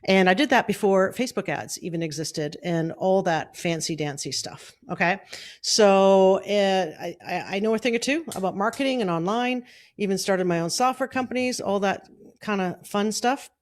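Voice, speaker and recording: In a relaxed Facebook Live session, a middle-aged woman coaches online business from home at a moderate pace and medium pitch. Upbeat and chatty, she fiddles with her setup throughout, moving the desk mic now and then.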